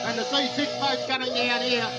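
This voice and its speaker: A man's voice: very high-pitched, flat delivery, brisk, over loud music, poor audio. An older Australian man giving live powerboat race commentary in a chatty way, full of "uh" fillers.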